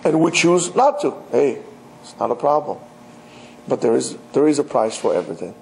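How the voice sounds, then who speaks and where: A man's voice: mid-range voice, sing-song, normal speed, vocal fry, darkish tone, a little hiss or hum, poor audio. A man, a rabbi, giving an emphatic religious lecture and speaking straight to his listeners with rhetorical questions. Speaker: rabbi teaching.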